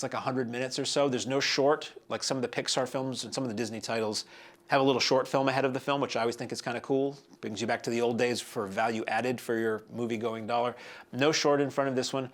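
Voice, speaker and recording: A man in his forties hosts a movie review show, chatting casually and wandering off on tangents. He tosses in dry, wry asides as he goes. His voice sits at an ordinary middle pitch. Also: fairly bright tone. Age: 40s. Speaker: film review show host.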